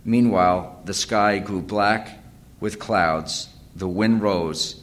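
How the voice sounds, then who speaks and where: A man's voice: sits low, slow pace. Dramatic male preacher reading scripture. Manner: dramatic, rising to loud cries when quoting prayers; repeats and restarts phrases. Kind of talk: sermon reading and expounding scripture.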